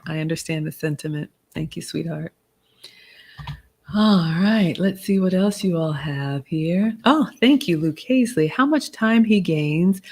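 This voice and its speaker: Woman, 40s, Southern accent, low-pitched, polished and motherly, casual livestream Q&A host. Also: a little mellow. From American South. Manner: polished, motherly advice-giving, reads comments aloud. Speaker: livestream host answering chat.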